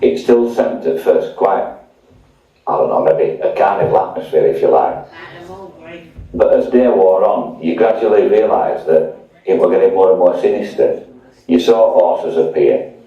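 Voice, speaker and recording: Deep-voiced man recalling events, echoey. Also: a little slow. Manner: reflective recollection. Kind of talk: personal account. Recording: dull, echoey sound from far off.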